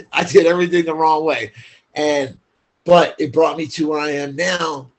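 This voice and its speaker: A man's voice: a little high, fairly even intonation, unhurried. A man as a podcast guest, telling his story in a candid, blunt, profane way, full of "like" fillers.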